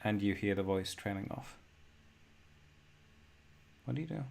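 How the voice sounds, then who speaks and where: A man narrating a horror tabletop game as game master, in a measured, descriptive way. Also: fairly low pitch, animated, vocal fry.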